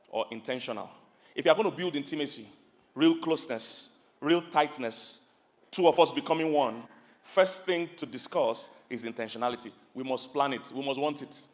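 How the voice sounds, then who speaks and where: A middle-aged Nigerian man preaching a sermon, telling lively stories, asking the audience questions and acting out loud voices. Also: a little high. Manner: animated storytelling, calls questions to the audience, acts out loud yelling voices. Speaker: pastor.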